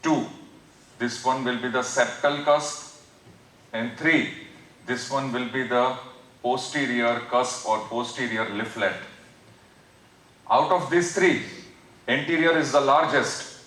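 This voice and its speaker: A man with an Indian English accent giving an anatomy lecture, explaining slowly and repeating terms as he draws. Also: medium pitch, steady tone, a bit bright. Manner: slow, repetitive explaining while drawing. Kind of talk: recorded medical lecture. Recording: roomy, distant mic.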